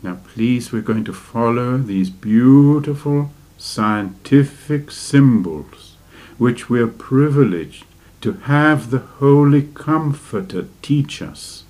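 A man teaches a spiritual lesson at a very unhurried pace, dwelling on each phrase. His voice sits in an ordinary middle range. He keeps turning to his listeners with gentle rhetorical questions. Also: mid-range voice, lively intonation. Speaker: religious teacher. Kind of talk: slow spiritual lecture.

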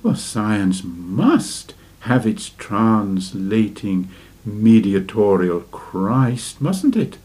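A man giving a slow, deliberate spiritual lecture and asking his listeners rhetorical questions. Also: on the low side, sing-song, a little mellow. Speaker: religious teacher.

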